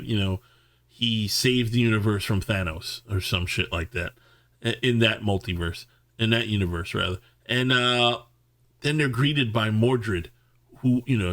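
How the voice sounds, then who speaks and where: A man's voice: medium pitch, a bit bright. A man giving a casual, rambling film review, ranting with profanity and sarcasm. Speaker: movie reviewer.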